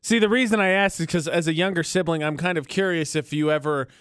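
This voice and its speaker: A man's voice: on the high side, fast, clear, resonant tone, dry recording, clean studio sound. Upbeat man hosting a morning show. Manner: animated storyteller, laughs often. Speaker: radio morning show host. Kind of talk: casual radio banter. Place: radio studio. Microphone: studio mic.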